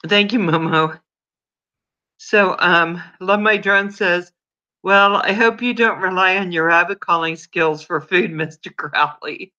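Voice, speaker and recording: A woman hosting a live stream, reading viewer comments aloud at a slow, unhurried pace. Her voice is bright and she giggles often. The sound is dull and lo-fi. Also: lowish voice. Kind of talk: casual live-stream chat.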